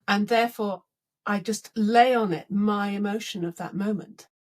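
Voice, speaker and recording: A middle-aged woman who works as a leadership coach tells stories in a podcast interview, animatedly acting out both sides of conversations. Her voice is mid-range and her speed normal.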